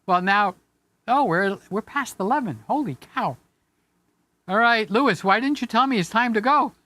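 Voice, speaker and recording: A man's voice: high-pitched, expressive, normal speed, sharp tone, no room sound. A man hosting a casual live stream from a home studio room, rambling, joking and affectionate with his viewers.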